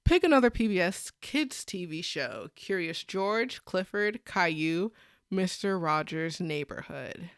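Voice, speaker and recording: A woman's voice: lowish voice, expressive, measured pace, clean tone, no room sound, clean studio sound. A young woman co-hosting a casual podcast chat, giggly and chatty, filling her talk with likes and ums. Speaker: podcast co-host.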